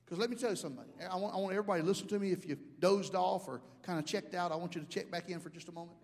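A man preaching an animated sermon to a congregation, building from conversational talk to loud, rising climaxes. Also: high voice, very fast. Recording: long hall reverb.

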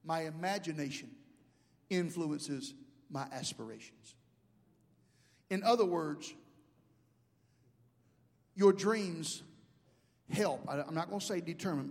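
A man preaching an animated sermon to a congregation, building from conversational talk to loud, rising climaxes. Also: on the high side, slow pace, long pauses. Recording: long hall reverb.

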